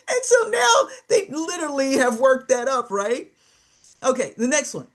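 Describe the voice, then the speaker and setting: A woman trainer presenting an online webinar, animated, acting out example conversations and laughing often. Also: medium pitch, moderate pace. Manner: lively, acts out dialogue examples, laughs often. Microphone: webinar computer mic.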